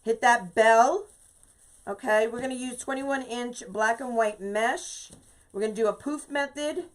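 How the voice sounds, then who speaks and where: A woman's voice: fairly high pitch, a little slow. Chatty woman hosting a craft livestream. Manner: chatty, greets viewers by name, lots of "okay?". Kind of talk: casual live-stream craft tutorial.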